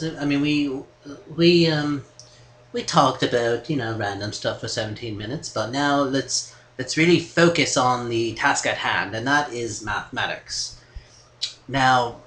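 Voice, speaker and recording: A man's voice: medium pitch, measured pace, bright, forceful tone. A man hosting a comedic podcast, hesitant and full of restarts as he tries to keep the talk on track. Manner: hesitant, full of ums and restarts, growing exasperated. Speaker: podcast host steering the talk. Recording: roomy echoey room.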